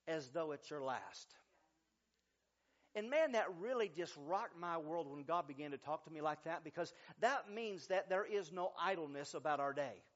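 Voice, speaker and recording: Emphatic high-voiced male pastor preaching. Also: dull audio. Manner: preachy, emphatic, repeats key lines. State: stuffy from sinus trouble. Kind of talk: sermon.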